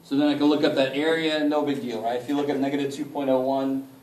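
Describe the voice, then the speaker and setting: Joking math teacher in an echoey classroom. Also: male voice, medium pitch, level tone, quick pace, a little mellow, recorded from a distance, a little hiss or hum. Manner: informal and joking, mild swearing, asks the class for help. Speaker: math instructor. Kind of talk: casual classroom lecture. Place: college classroom. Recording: echoey room picked up from afar.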